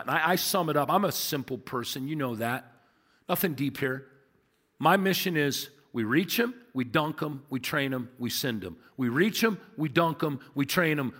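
A man's voice: medium pitch, a bit bright. A man in his fifties, a pastor, preaching a sermon with emphatic repetition and rhetorical questions in a large church. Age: 50s. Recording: long hall reverb.

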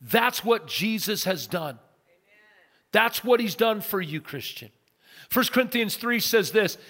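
Middle-aged male pastor, slightly high voice, dramatic sermon delivery, long hall echo. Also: big pitch swings, measured pace. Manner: dramatic storytelling with big swings from loud to soft. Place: church sanctuary.

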